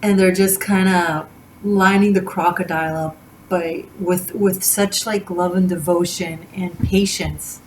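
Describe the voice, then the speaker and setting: Gushing, rambling woman with a lowish voice. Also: fairly even intonation, measured pace, a little mellow, a little hiss or hum, rough recording. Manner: gushing, rambling with many restarts and fillers. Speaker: tarot reader. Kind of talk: casual spiritual reading to camera.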